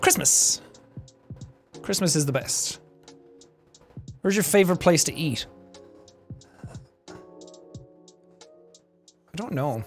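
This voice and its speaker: A man's voice: on the high side, slow pace, long pauses, faint music behind. A young Irish man livestreaming from a home setup, chatting casually and joking as he reads chat, with a clean studio mic. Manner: joking, animated, mimics accents for laughs. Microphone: studio shotgun mic with filters.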